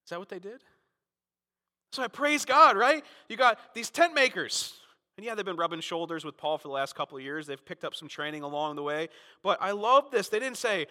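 A man from Florida preaching a Sunday sermon as pastor, emphatic and fervent, swinging between loud peaks and quiet asides. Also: big pitch swings, brisk, in a large hall. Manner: emphatic, rising to fervent peaks then dropping low.

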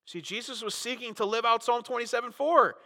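Bright-voiced preacher in a reverberant hall. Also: male voice, extremely high pitch, brisk. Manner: conversational, often adds "right?"; dramatizes quotes with big swings in loudness. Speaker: pastor. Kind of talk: sermon. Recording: long reverb of a large hall.

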